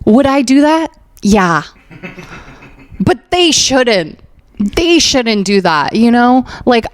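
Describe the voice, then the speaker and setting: A young woman from Afghanistan hosts a comedic podcast, chatty and sarcastic, with many "like"s and frequent laughs. Her voice is mid-pitched for a woman. It is recorded close and dry at home. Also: no echo. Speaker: podcast host.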